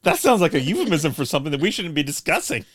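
A man's voice: on the high side, sing-song, quick pace, fairly bright tone, husky. A man from Indiana co-hosting a casual podcast chat, teasing and questioning in a wry way. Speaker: podcast co-host.

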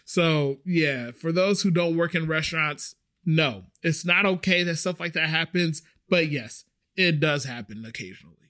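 A man hosting a podcast, telling a story in a chatty, animated way, full of fillers and the odd swear. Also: on the high side, moderate pace. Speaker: podcast host. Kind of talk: casual storytelling.

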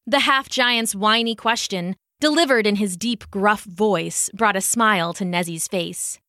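A woman narrating a fantasy storybook in an expressive, lively way. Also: mid-range voice, a little slow, few pauses, no room sound, clean studio sound.

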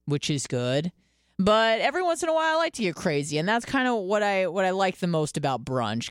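A woman in her twenties hosting a radio podcast, telling candid stories in a casual, profane, animated way. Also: low-pitched, smooth, dry recording, studio quality. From Michigan, US. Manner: candid, profane, animated storytelling with quoted self-talk. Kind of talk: casual monologue.

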